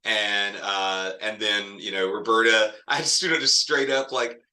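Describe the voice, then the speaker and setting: Male lit teacher, casual and rambling, very bright tone. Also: fairly low pitch, steady tone, normal speed. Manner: chatty, digressive, laughs often. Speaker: literature teacher. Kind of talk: casual classroom lecture.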